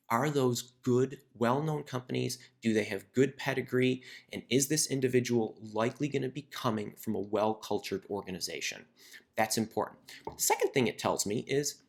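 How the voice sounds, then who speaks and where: A man's voice: medium pitch, creaky. A man who hosts a career advice video, teaching in a conversational way and often repeating words as he thinks. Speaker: career coach and video host. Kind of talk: instructional talk to camera.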